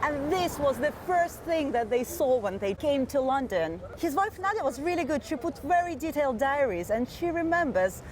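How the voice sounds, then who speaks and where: A woman's voice: high-pitched, big pitch swings, moderate pace, few pauses, rough recording. A woman tour guide earnestly explaining history outdoors on city streets, with faint traffic behind. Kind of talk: informative storytelling.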